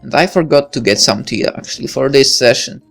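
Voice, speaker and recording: A woman's voice: a bass voice, fairly quick, gravelly, soft background music. Chatty woman streamer aside. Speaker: gaming streamer. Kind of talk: casual aside while reading a game.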